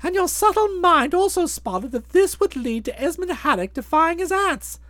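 A woman voicing a chatty, self-satisfied young gentleman in a bouncy, wordy way. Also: extremely high pitch, expressive, moderate pace, no room sound. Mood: breezy. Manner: bouncy, wordy, fond of flowery phrases. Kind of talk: audiobook drama, narrating and voicing the hero.

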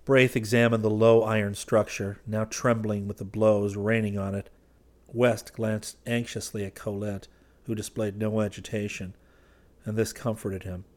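A man narrating a story in a steady, measured reading. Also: fairly low pitch. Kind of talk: audiobook narration.

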